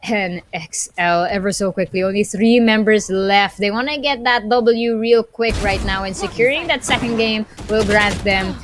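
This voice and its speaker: A woman casting an esports match live, calling the action play by play. She is excitable and quick to exclaim when a big play happens. A faint hiss sits behind her voice. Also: mid-range voice. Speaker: esports caster.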